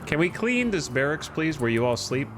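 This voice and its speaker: A man's voice: fairly high pitch, big pitch swings, moderate pace, music in the background. A man giving casual, wry, self-deprecating commentary while streaming a game.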